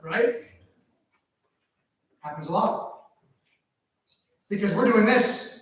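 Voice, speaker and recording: A man preaching a sermon, telling a family story in an animated way that swings from hushed asides to loud exclamations. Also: sits high, slow, long pauses. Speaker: pastor. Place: church sanctuary. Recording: echoey church hall from far off.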